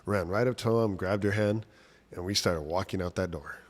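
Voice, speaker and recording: A man's voice: deep voice, a little fast. A man casually telling a personal story from childhood, talking conversationally with lots of "like" and "right?".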